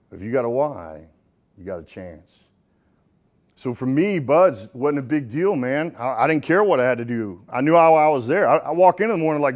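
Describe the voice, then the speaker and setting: Folksy, joking man giving a keynote. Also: medium pitch. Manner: folksy and joking, swinging between punchy and hushed. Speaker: motivational speaker. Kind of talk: live keynote speech to an audience. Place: stage in front of a live audience.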